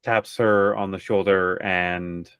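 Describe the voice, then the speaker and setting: Slow, low-voiced male game master. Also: little pitch movement, a bit bright, clear, resonant tone, dry recording. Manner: unhurried, with many fillers. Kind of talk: narrating a tabletop game.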